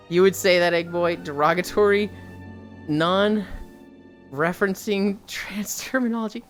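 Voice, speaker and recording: A woman livestreamer who chats casually with her viewers, swears freely, and laughs often. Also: mid-range voice. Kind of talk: casual stream chat.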